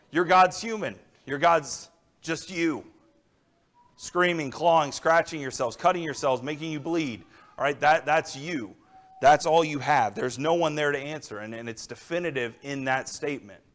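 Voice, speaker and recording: A young adult man preaching a sermon in a conversational way, often checking in with his listeners. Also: medium pitch. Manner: conversational preaching with frequent "all right" and "right?".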